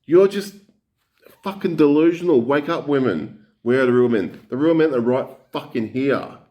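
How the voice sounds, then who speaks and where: A man's voice: mid-range voice, normal speed, dull audio. A man ranting in a reaction commentary, blunt, angry and full of swearing.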